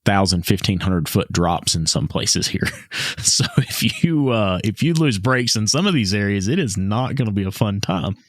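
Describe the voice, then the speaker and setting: A man with a very deep voice co-hosts a podcast, relaxed and easygoing. He laughs between his phrases, and his audio sounds dry and close. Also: moderate pace, no echo. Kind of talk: casual podcast conversation.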